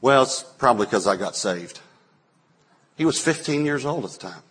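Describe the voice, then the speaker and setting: Husky-voiced pastor preaching a sermon. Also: male voice, mid-range voice, expressive, moderate pace. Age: 40s. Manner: storytelling, acts out quotes with sudden loud bursts.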